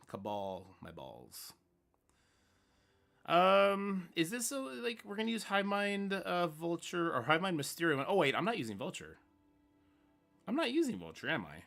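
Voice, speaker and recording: Excitable high-voiced male game streamer. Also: normal speed, gravelly. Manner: excitable, swearing rants at the game; mutters strategy half to himself. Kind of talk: live gameplay commentary.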